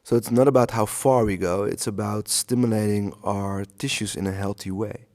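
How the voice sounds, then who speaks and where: A man teaching a slow yoga class, guiding the poses and the breath in a calm, soothing way with long pauses. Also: lowish voice. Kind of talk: guided yoga instruction.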